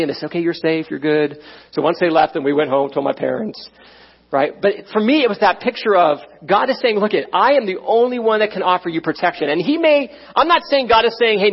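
A man's voice: high-pitched, slightly rough. A middle-aged man preaching a sermon, telling a personal story in a conversational way with frequent "right?" asides. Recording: dull, muffled sound.

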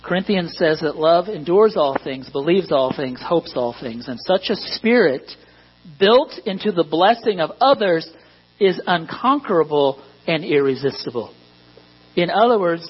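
A pastor delivering a sermon in an earnest way, rising to emphatic points and dropping to quiet asides. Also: male voice, on the high side, lively intonation, measured pace, breathy edge. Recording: dull lo-fi recording with mains hum.

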